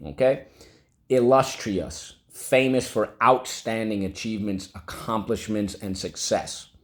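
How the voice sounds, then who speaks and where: A male teacher giving a vocabulary lesson to children, drawing out words syllable by syllable. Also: lowish voice. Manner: drawn-out, syllable-by-syllable word drills. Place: classroom.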